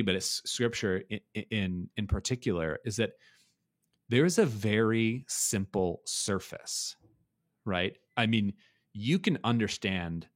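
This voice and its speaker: A man giving a conversational lecture, thinking aloud with frequent restarts and checking in with "right?". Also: lowish voice. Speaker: speaker explaining ideas on beauty and art.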